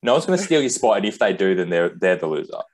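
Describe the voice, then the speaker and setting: A man's voice: deep voice, very animated, quick pace, a crowd in the background. A young Australian man co-hosting a podcast in casual, rambling chat with many fillers. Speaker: podcast co-host.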